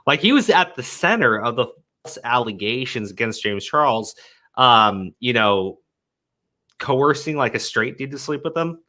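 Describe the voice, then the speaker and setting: A man's voice: mid-range voice, lively intonation, a little slow, sharp tone. A man hosting a commentary stream, talking heatedly, swearing often and repeating words as he goes. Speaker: commentary show host. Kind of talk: casual commentary chat.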